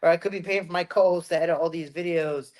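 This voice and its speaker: A man's voice: fairly high pitch, fairly even intonation, fast talker, darkish tone. A man hosting a podcast, talking loosely in casual chat with lots of fillers. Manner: loose, filler-heavy talk.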